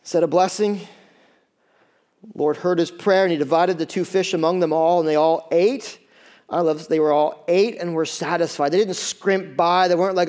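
High-voiced man preaching lively. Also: smooth. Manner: lively, conversational preaching with quick asides and acted-out quotes. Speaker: pastor. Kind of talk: sermon.

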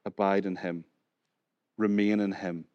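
A man's voice: low voice, level tone, a little slow, smooth, no room sound, lo-fi sound. A man with a Northern Irish accent preaching a sermon in a conversational way, putting questions to the congregation and joking now and then. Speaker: pastor. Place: church hall.

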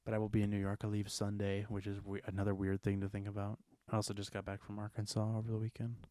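A young American man hosting a casual podcast, telling rambling, animated stories. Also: lowish voice, fast, no echo. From United States. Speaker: podcast host.

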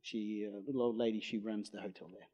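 A man's voice: fairly low pitch, little pitch movement, fast, slightly rough, muffled recording. A man with an Australian accent, a storm chaser telling a rambling anecdote in an interview. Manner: rambling storyteller, acts out quoted voices loudly.

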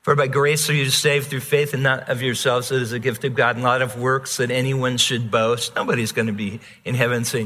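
A male pastor preaching a sermon, earnest and repetitive, dropping soft and then rising emphatic. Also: mid-range voice, steady tone, normal speed, hardly any pauses, in a large hall.

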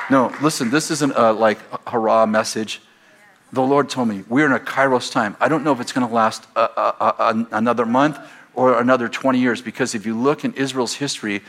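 A middle-aged American man preaching a sermon in a church, telling stories and building to loud exhortation. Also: medium pitch. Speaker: pastor. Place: church sanctuary. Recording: faint crowd in a church. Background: congregation.

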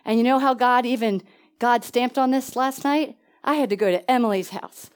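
A woman preaching a sermon in an animated way, with laughing asides and questions to the congregation. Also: on the high side, normal speed.

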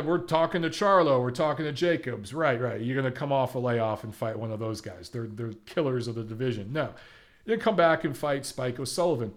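A young man giving blunt, opinionated commentary on boxing, casual and swearing freely. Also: medium pitch.

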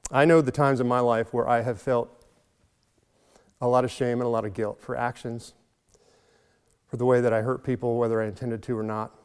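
A male pastor delivers a heartfelt sermon at an even, middle pitch. He slows down and builds volume to drive his points home, and a long hall reverb trails after each phrase. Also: smooth. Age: adult, has a son. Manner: earnest, slows and swells for emphasis.

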